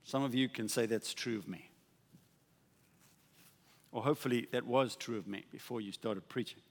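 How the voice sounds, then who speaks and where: A man preaching a sermon with passion, swinging from soft, quiet asides to loud, ringing declarations. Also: mid-range voice, moderate pace, vocal fry. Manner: impassioned, rising to exclamations then dropping to soft asides. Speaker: pastor. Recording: long reverb of a large hall.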